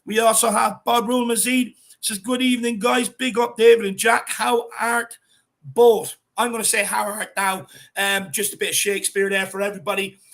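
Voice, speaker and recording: An Irish man hosts a casual live fan show, reading viewer comments and giving shout-outs. His voice sits high with a gravelly edge. The tone is bright and forward. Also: steady tone, normal speed. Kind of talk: casual live-stream chat.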